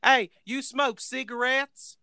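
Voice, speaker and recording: A man voicing a loud Southern woman with a Southern US accent, drawling and cheery as she asks about cigarettes. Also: very high-pitched, flat delivery, slow pace, gravelly, clean tone, dry recording, clean studio sound, voice pushed up, full character voice. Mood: drawling, friendly.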